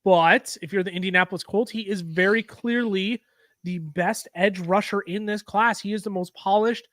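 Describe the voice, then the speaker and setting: Casting: high-pitched male podcast co-host, energetic play-by-play, dry studio sound. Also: normal speed, no room sound. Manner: energetic, play-by-play announcing the picks. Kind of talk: casual draft-reaction chat.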